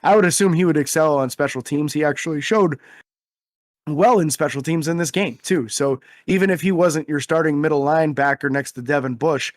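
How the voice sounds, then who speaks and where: A young man co-hosting a casual sports podcast, talking energetically and quick to exclaim. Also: fairly high pitch, no room sound, clean studio sound. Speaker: podcast co-host.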